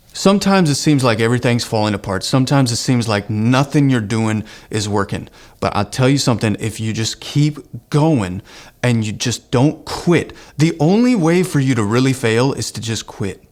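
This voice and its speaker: A man in his thirties teaches singing online, in an earnest and encouraging tone with a light lilt. His speaking voice sits at an ordinary middle pitch. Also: animated, moderate pace. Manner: earnest, encouraging, breaks into sung exercise demos. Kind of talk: online vocal lesson with sung demonstrations.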